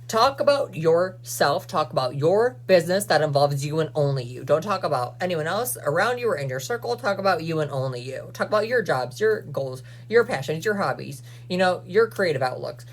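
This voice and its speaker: A man's voice: on the high side, lively intonation. A young man vlogger venting bluntly to the camera with plenty of swearing. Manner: fast, blunt, profane venting.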